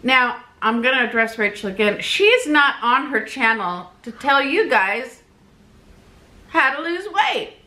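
A woman vlogger chatting casually to her camera, animated and talkative, often laughing. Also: high-pitched, a little slow. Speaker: weight-loss vlogger.

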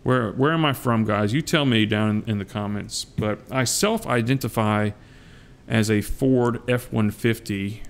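A man's voice: on the low side, vocal fry. A middle-aged man with a Southern US accent, chatting casually and joking with his viewers as a coin collecting vlogger. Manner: joking, drawn-out, addresses viewers as guys. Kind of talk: casual rambling chat.

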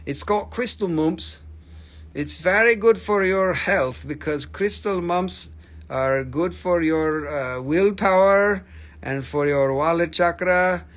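A man with a slightly high voice hosts a live crystal sale. He talks casually and jokingly, teases his viewers and swears freely along the way. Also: slow, a bit bright. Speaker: host selling crystals on a livestream. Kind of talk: casual live sales chat.

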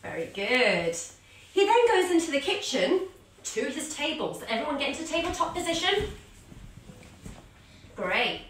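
A woman guides children through a story-led yoga class, playful and sing-song, acting out animal sounds. Her voice is high and swoops up and down, bright and clear at an unhurried pace. It rings through a very echoey room, heard from a few steps back from the mic. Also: big pitch swings, far from the mic. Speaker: kids yoga teacher.

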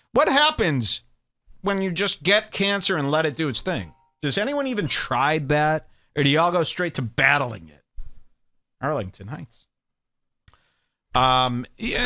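A man's voice: on the high side, pushed and bright. A man hosting a podcast, ranting in a mocking, bombastic comedic way. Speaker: podcast host. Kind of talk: provocative comedic rant.

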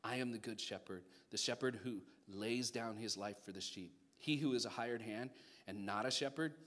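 A male pastor preaching a sermon, acting out voices in his stories, swinging between loud bursts and hushed asides, with jokey remarks. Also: on the low side, moderate pace. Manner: animated storytelling, acts out voices, jokey asides.

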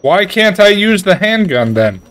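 A man giving casual, excitable, joking commentary while playing a video game. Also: high-pitched, a little slow, faint music behind. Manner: excitable, trash-talking, jokey. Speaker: gaming streamer.

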